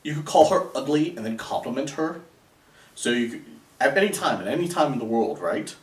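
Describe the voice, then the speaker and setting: A man's voice: medium pitch, lively intonation, fairly quick. Sarcastic man in an echoey room. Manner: sarcastic, rambling with many fillers. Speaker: dating coach. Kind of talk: casual advice monologue. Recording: echoey room, voice a bit far from the mic.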